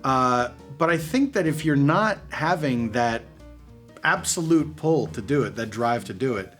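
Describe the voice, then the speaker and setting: Host, man with dry playful humor, pitch swinging widely. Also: expressive, unhurried, fairly bright tone, soft background music. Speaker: interview host. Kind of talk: casual chat.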